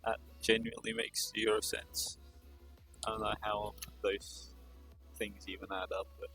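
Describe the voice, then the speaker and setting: A man's voice: on the low side, level tone, unhurried, over music. A male streamer chatting casually on a live stream, tired and rambling in a self-deprecating way.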